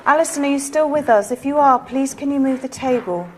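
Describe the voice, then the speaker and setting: A woman leading a ghost-hunt séance, asking soft, coaxing, pleading questions. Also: sits high, a little fast, slight background noise. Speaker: séance leader.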